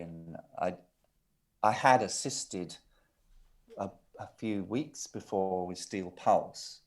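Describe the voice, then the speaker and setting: A man's voice: on the low side, slow pace. Man telling studio stories. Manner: lively, laughing, with restarts and asides. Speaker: guest, record producer. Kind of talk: anecdotal interview storytelling.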